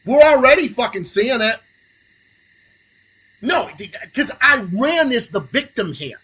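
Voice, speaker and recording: Brief: young male streamer, furious profane rant, sneering sarcasm, raspy and bright. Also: very high-pitched, very animated, unhurried, poor audio. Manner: angry, sarcastic, swings between muttering and shouting. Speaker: podcast host. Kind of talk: profane political rant on a livestream.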